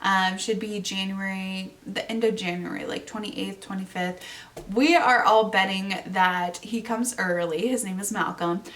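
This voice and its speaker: A woman's voice: mid-range voice, steady tone, unhurried, a bit bright, recorded from a distance. Bubbly chatty young woman podcaster. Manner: chatty and bubbly, lots of fillers. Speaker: podcast host. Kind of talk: casual solo podcast chat.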